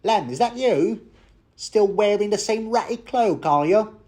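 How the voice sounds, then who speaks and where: Bawdy Cockney innkeeper lady, high and teasing, put on by a man. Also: lively intonation, measured pace, a little mellow. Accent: Cockney, attempted.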